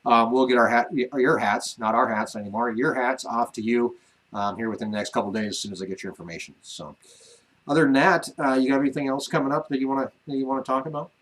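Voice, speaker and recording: A man's voice: medium pitch, steady tone, fast, fairly bright tone, low-quality recording. A man co-hosting a casual ranch livestream, talking in an easygoing way with lots of fillers and restarts and some teasing. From Wyoming. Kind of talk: casual live-stream chat.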